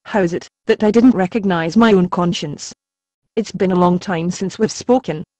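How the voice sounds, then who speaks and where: An actor playing a patient, gently wry conscience spirit who sounds a little hurt, in an amateur stage drama. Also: medium pitch, moderate pace, no room sound, lightly acted.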